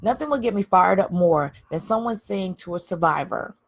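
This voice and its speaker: Woman livestream host, lowish husky voice, frank and emphatic, repeats lines for emphasis. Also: animated, moderate pace. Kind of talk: candid livestream talk.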